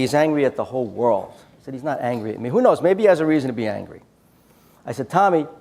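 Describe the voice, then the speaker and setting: A man's voice: mid-range voice, animated, quick pace, darkish tone. A man giving a storytelling talk at a church conference, acting out quoted dialogue in his anecdotes. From United States.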